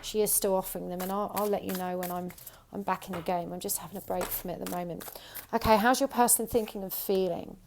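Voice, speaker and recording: Lady reading tarot cards w a sore throat, kinda twangy high voice, keeps going "i feel like". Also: fairly even intonation, fast talker, creaky, background noise. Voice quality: odd high-pitched twang. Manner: intuitive, repeats "I feel like". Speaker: tarot reader. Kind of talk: pick-a-card tarot reading.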